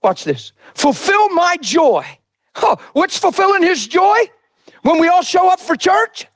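A male preacher delivering an impassioned sermon that swings between shouted lines and soft, intimate asides. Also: very high-pitched, big pitch swings, moderate pace, no echo.

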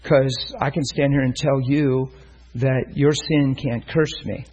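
A man's voice: mid-range voice, steady tone, slow, a little mellow, breathy edge, highs cut off. A man preaching a sermon, telling a story and acting out the voices of the people in it. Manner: storytelling, acts out voices in quotes.

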